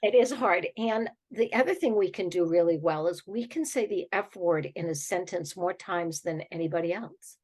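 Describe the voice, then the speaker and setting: A woman's voice: lowish voice, moderate pace, hardly any pauses, a little mellow. A woman with a Boston-area accent hosting a podcast, chatting in a playful, teasing way. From New England. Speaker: podcast host. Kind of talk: casual chat.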